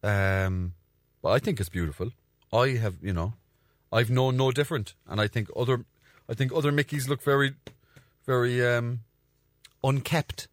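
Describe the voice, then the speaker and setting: A man's voice: normal speed, long pauses, no echo. A young Irish man, a comedian hosting his own show, telling a rambling, crude story with plenty of swearing. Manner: rambling, crude, swears freely, acts out voices in a high pitch. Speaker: comedian podcast host. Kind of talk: casual storytelling monologue.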